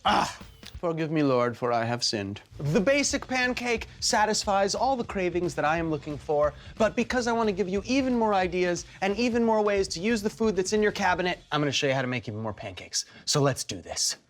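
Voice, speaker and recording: A man hosting a cooking show, playful and theatrical, joking as he cooks and swinging between high exclaims and low asides. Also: lively intonation, a little fast, hardly any pauses. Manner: theatrical, jokey, big swings in pitch. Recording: light background music.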